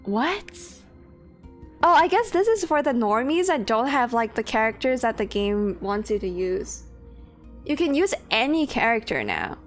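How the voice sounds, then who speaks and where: A woman's voice: a little high, sing-song, a little slow. A young woman streaming a game, chatting casually, rambling, swearing and laughing as she greets her chat. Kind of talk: casual live-stream chat while gaming. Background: faint game music.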